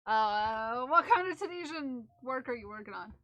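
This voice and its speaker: A woman's voice: on the high side, lively intonation, normal speed, few pauses, no echo, studio quality. A woman streamer chatting casually with her viewers, reading their messages aloud and laughing often. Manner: chatty, giggly, reads chat aloud. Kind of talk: casual live-stream chat.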